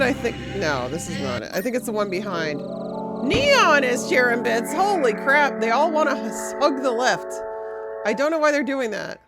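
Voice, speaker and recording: A woman streamer talks her way through a puzzle game, her pitch swinging up and down as she chats. She swears freely and stops to thank viewers. Game music plays clearly behind her. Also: sing-song, normal speed. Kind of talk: casual live-stream game commentary.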